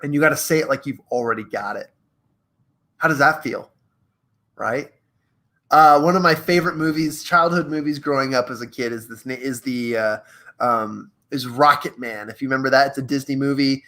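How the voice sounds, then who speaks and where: A young man hosting a live coaching stream, energetic and playful, reading passages aloud and chatting directly to his viewers. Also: medium pitch, normal speed. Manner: energetic, playful, reads aloud from a book and retells movie scenes. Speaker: host of a live social media show.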